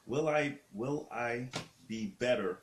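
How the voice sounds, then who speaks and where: A man reading viewer questions aloud on a live show, relaxed and quick to laugh. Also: medium pitch. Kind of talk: casual off-mic asides. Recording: roomy echo, faint noise, off-mic.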